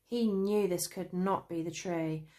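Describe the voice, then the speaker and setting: A woman with a British accent and a lowish voice narrates a children's story gently and evenly. She takes it slowly, giving the characters lively voices.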